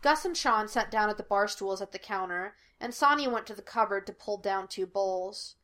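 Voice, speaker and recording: A woman reading a fan fiction story aloud in a steady narrating voice. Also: mid-range voice, moderate pace. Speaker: podfic reader.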